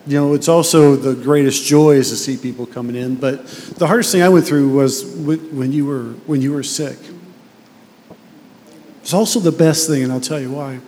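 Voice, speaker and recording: A man's voice: medium pitch, moderate pace, warm tone, big-room sound, a little hiss or hum. A man preaching as pastor, earnest and conversational, often restarting his sentences. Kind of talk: sermon.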